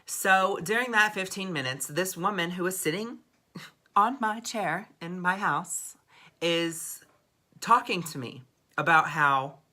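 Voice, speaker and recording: A young man with a drawl tells a story straight to camera in vlog style. His voice is bright and sharp, and his delivery is dramatic and expressive, peppered with swearing. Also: sits high, takes it slowly. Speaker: vlogger.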